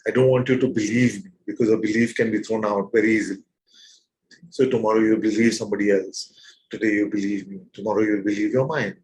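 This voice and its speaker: A man leading a satsang as spiritual teacher, probing his listeners with repeated questions in a gentle, playful way. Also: lowish voice, fairly even intonation, fast talker, low-quality recording. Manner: gentle and playful, with soft laughs. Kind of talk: satsang teaching to a live group.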